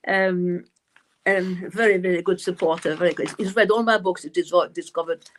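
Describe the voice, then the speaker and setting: A woman's voice: mid-range voice, moderate pace. A woman who grew up in French Algeria, a guest medium and author, talking in a rambling, chatty way on a live stream. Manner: chatty, rambling, many restarts.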